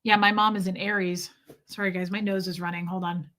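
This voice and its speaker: A young woman hosts a livestream and tells a long personal story in an easy, chatty way. She keeps stopping to answer her viewers' comments before picking the story back up. Her voice is bright and sharp. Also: lowish voice, level tone, brisk. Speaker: livestream host. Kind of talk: casual storytelling to a live chat.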